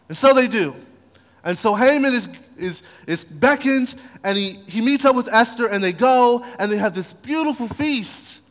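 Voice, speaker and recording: Playful slangy pastor, wide-ranging high voice, long hall reverb. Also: male voice, animated, normal speed. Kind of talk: sermon storytelling.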